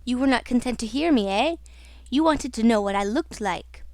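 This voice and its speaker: A tormented masked man who roars and hisses in rage and grief, as a woman narrator reads him. The voice stays fairly high and the delivery is slow and dramatic. The audiobook recording is dry and close. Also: lively intonation, darkish tone, no room sound. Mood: raging. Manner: roaring and hissing. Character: raging tormented masked man, monstrous and grieving.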